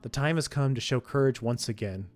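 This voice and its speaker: A man reading a visual novel's story text aloud, steady with frequent slips and self-corrections. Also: mid-range voice, fairly quick. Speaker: let's play streamer reading a visual novel.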